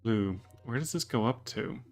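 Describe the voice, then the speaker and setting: A man's voice: mid-range voice, animated, normal speed, soft background music. A man casually commenting while playing an adventure game, hesitant and mumbling. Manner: hesitant, mumbling, laughs to himself. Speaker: let's play gamer.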